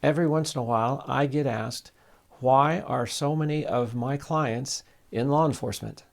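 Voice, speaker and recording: Gravelly folksy man in his sixties. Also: mid-range voice, normal speed. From Southern Nevada. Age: 60s. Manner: folksy storytelling with frequent fillers. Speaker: real estate agent. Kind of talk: direct-to-camera talk with anecdote.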